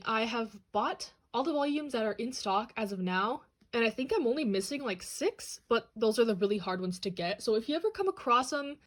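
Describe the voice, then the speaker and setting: A young woman with a slightly high voice hosts a casual unboxing vlog. She talks chattily and bubbles over with excitement, gushing about her favorite items. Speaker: channel host. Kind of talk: manga haul and unboxing vlog.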